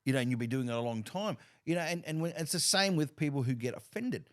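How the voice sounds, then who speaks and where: A man's voice: mid-range voice, lively intonation, fast talker, a bit bright. A man hosting a casual chat, making his points earnestly and with emphasis.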